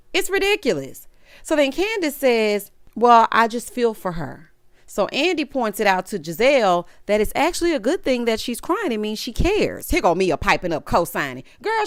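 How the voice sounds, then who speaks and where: A woman's voice: fairly high pitch, a bit bright, smooth, no echo, clean studio sound. A woman giving a sassy, opinionated recap of a reality show in casual chat. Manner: sassy, opinionated, talks straight to the cast. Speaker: recap vlogger.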